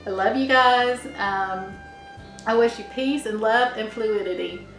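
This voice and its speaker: A woman's voice: a little high, unhurried, a bit bright, soft background music. A middle-aged woman rambling through a reflective monologue, meandering and trailing off as she muses. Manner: meandering, musing, often restarts and trails off. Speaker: vlogger. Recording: echoey room.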